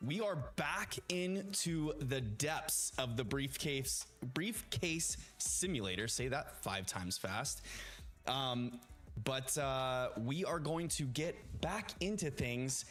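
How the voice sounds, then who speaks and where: A man's voice: medium pitch, fairly bright tone. A man chatting casually to viewers during a live stream, upbeat and greeting people by name. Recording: faint music behind.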